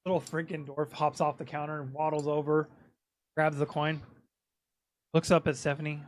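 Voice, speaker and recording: Brief: male game master, slightly high voice, loose and chatty, dry close mic. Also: flat delivery, normal speed, long pauses, no echo. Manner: casual, laughing, stumbling over words. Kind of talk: narrating a tabletop game.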